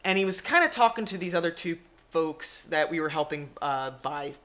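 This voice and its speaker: A woman's voice: deep voice, moderate pace. A woman co-hosting a podcast, telling a story in casual chat, swearing freely and acting out the people in it. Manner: animated storyteller, swears freely, acts out voices. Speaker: podcast co-host.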